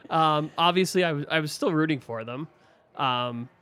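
A man's voice: a little high, normal speed, very noisy. Philly guy being interviewed, goofy and self-deprecating, rambles a bit. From Philadelphia. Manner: self-deprecating, jokey, trails off. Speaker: guest, team staffer. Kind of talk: casual podcast chat.

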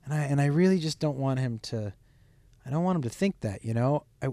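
A man's voice: mid-range voice, lively intonation, a little fast, mellow, dry recording, studio quality. A middle-aged man hosting a solo podcast, talking candidly in a rambling way and swearing often. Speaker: podcast host.

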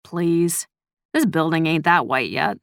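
Give me a woman playing an exasperated, scolding mother with sharp outbursts in a dry booth. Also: low voice, lively intonation, slow, clean tone, no room sound, heavily acted.

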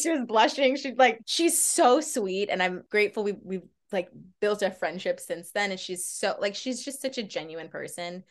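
A woman's voice: medium pitch, normal speed, hardly any pauses. Bubbly, laughing woman guest. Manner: bubbly, laughs often, tells stories with quoted voices. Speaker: guest performer. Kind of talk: casual interview chat.

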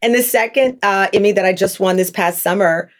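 A woman in her fifties talks candidly as an interview guest. She tells stories with animation and jumps into a raised voice when she acts out past exchanges. Her pitch sits in the middle for a woman. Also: fairly quick. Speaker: talk show host, guest.

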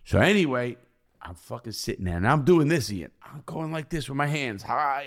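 A middle-aged man from the United States, a podcast guest telling blunt, profane stories that swing between loud outbursts and quiet low asides. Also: sing-song, normal speed, vocal fry. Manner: profane, blunt, swears constantly. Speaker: podcast guest, ex-convict speaker. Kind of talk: candid storytelling in conversation.

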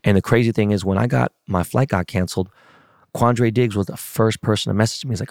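A man's voice: on the low side, steady tone, fairly quick, gravelly, darkish tone, dry recording, clean studio sound. A middle-aged man in a casual, profane rant, venting about a loss. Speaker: sports fan.

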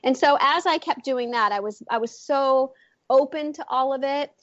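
A woman's voice: high-pitched, moderate pace, no echo, highs cut off. A woman in her forties, an author and intuitive, chatting as an interview guest and rambling through her story with many fillers and restarts.

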